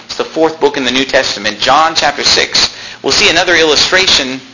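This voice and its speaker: Emphatic preacher with a bright, forceful voice. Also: male voice, fairly high pitch, lively intonation, brisk, poor audio. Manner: emphatic, repeating phrases, quoting scripture in old-fashioned English. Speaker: pastor. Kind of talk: sermon.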